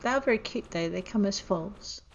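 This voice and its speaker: A mid-pitched, husky-voiced woman narrates gameplay in a relaxed let's-play style, chatting directly to her viewers with plenty of self-deprecation. She speaks at a moderate pace. The audio is somewhat dull and lo-fi, as if captured on a basic home microphone.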